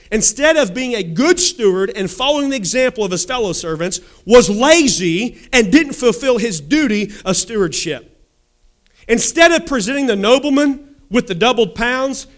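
Brief: high-pitched male preacher, emphatic sermon delivery, calls for amens. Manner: emphatic, asks the congregation questions and calls for amens.

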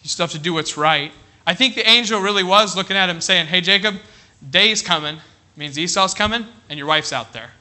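A high-voiced man preaches a sermon to his congregation. His tone is very bright and forceful. He keeps checking with the room, asking if they are ready, and drops to a slower, quieter voice when he reads scripture. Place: church congregation.

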